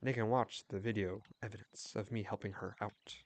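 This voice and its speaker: A young man chatting casually while livestreaming a game, telling a rambling story with quick restarts. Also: on the low side, steady tone. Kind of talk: casual chat while gaming.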